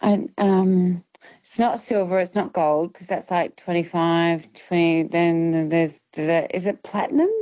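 A woman's voice: lowish voice, steady tone, slow. A woman calling in to a radio quiz, chatty and amused at her own family's customs. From Irish family. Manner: warm storyteller, laughs at herself. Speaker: caller. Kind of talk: casual phone-in chat. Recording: dull phone-in line.

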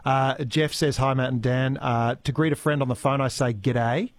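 A man's voice: medium pitch, steady tone, moderate pace, no echo. Cast: Australian man, talk radio host, chatty and rambling, dry booth. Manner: chatty, with frequent fillers and restarts. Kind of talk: live talk radio hosting. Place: radio studio. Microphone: studio mic.

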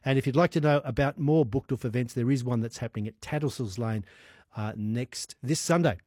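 A man hosting a casual studio radio interview. He is chatty and quick to react. His voice sits mid-range and sounds close and dry on the studio mic. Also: medium pitch, darkish tone, husky, dry recording. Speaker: radio host.

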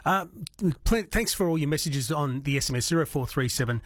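A man with a fairly high voice hosts talkback radio. He is chatty and drops quick asides between questions. The studio sound is dry and close. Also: expressive, no room sound. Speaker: radio host. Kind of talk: talkback radio hosting, reading listener texts. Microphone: studio mic, dry.

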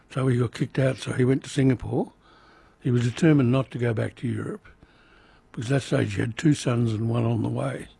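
A man's voice: medium pitch, gravelly, warm tone, breathy edge, no echo. An older man, recalling his childhood in an oral history interview with dry humour. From Indonesia. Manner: reflective, dry humour, some restarts.

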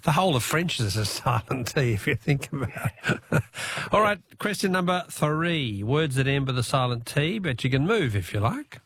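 A man's voice: medium pitch, very animated, moderate pace, a bit bright, slightly rough. A man hosting a talkback radio quiz, joking, punning and spelling out answers.

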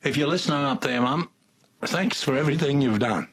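A little hiss or hum sits under this recording of an older Australian man, an interview guest telling casual, folksy stories that ramble and frequently restart. His medium-pitched voice is fairly bright, and he talks fairly quickly.

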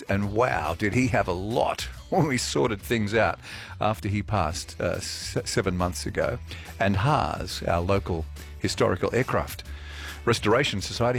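Chatty Australian radio host, low-voiced man. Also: creaky. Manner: chatty, meandering, self-correcting. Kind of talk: casual morning radio talk. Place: radio studio. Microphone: studio microphone.

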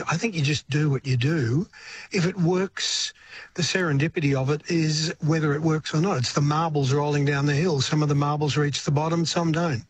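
An older man with an Australian accent talks in a reflective, rambling way and often restarts his sentences. His voice sits fairly high for a man, and a faint background hum runs under the recording. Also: steady tone, moderate pace. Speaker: retired singer-songwriter guest. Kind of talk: radio interview.

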